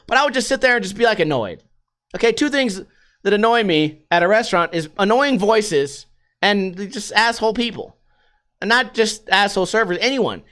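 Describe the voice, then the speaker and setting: A man's voice: sits high, pushed and bright. A man in his thirties hosting a podcast, telling crude, rambling stories in a casual comedic monologue and laughing often. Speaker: podcast host.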